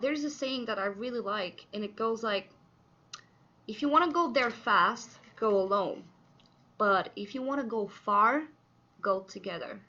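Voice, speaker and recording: An earnest woman talks through a tarot reading in a loose, chatty way, full of fillers and bursts of excitement. Her voice is bright and clear-toned. The recording sounds a little dull and lo-fi. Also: fairly high pitch, unhurried. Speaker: tarot reader.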